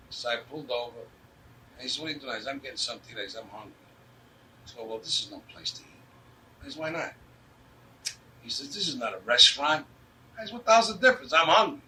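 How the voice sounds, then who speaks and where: Older new york guy telling stories, blunt and streetwise, acts out the lines, bright voice, mic kinda far off w/ faint hiss. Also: mid-range voice. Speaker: interviewee. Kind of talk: anecdotal storytelling. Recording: distant mic with faint background noise.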